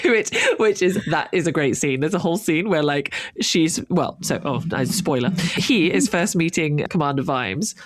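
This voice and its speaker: A woman's voice: deep voice, animated, normal speed, hardly any pauses, slight background noise. A woman co-hosting a podcast in casual chat, rambling enthusiastically with frequent laughs and fillers. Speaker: podcast co-host.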